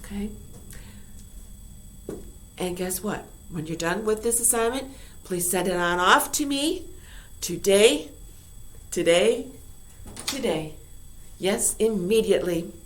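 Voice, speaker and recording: A woman teaching a recorded online grammar lesson to high school students, lively and playful, repeating key words. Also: measured pace, pauses often, a little hiss or hum. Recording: echoey room.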